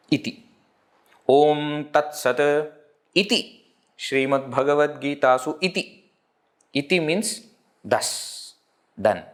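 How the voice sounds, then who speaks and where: Chuckling often, a man with an Indian English accent runs a live online Sanskrit lesson: each word is spoken, repeated, and then glossed in English. His voice is medium-pitched and a bit bright.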